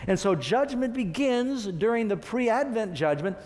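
A man's voice: high-pitched, lively intonation, a little slow, a little mellow. A man preaching a sermon, emphatic and putting questions to his congregation. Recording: long reverb of a large hall.

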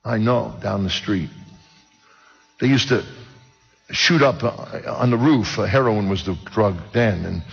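Husky older New preacher. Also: male voice, lowish voice, unhurried, long pauses. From Brooklyn, New York. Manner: storytelling, joking with the audience. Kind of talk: personal testimony sermon. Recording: dull sound with long hall reverb.

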